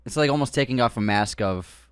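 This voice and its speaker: A man's voice: medium pitch, a little fast, clear, resonant tone, no room sound, clean studio sound. A man co-hosting a podcast, chatting casually and enthusiastically about movies, rambling with fillers and restarts. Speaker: podcast co-host. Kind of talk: casual film discussion.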